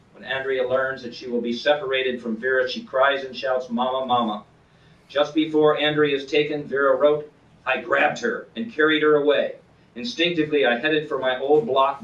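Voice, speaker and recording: Male author doing an earnest, measured book reading; mid-range voice, distant mic in an echoey room, muffled lo-fi recording. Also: mid-range voice, a bit bright. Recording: roomy, distant, dull lo-fi sound.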